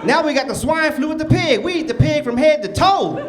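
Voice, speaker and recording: High pitched guy doing standup, rowdy crowd laughing, noisy room. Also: a little fast. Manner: loud, animated, playful with crowd. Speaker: stand-up comedian. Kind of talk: stand-up comedy set. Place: comedy club stage before a live audience. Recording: noisy club recording with crowd. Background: audience laughter and cheering.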